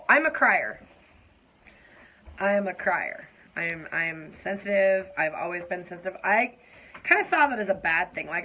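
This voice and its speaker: A young adult woman chatting openly to her viewers as she does her makeup on a live stream, confiding and laughing softly. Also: lowish voice, slight background noise, low-quality recording. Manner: warm, confiding, breaks into soft laughs. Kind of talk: casual heartfelt chat to viewers while doing makeup.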